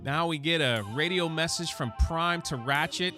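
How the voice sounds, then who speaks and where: A man hosting a comic book channel, recapping an issue in a chatty, excited way and often restarting his words. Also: a little high, moderate pace, music in the background.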